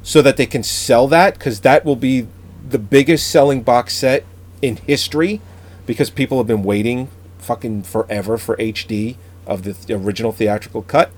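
A man's voice: medium pitch, moderate pace, a little mellow. A man in casual podcast chat, blunt and opinionated, swearing freely.

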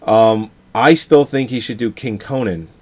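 A man talking casually about movies, relaxed and enthusiastic, swearing freely. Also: medium pitch, a little slow.

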